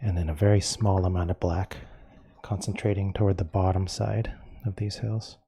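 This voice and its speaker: Male painting instructor, low-pitched and deeply mellow, calm step-by-step demo voice. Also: creaky, breathy edge. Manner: calm and unhurried, explaining each step as he works.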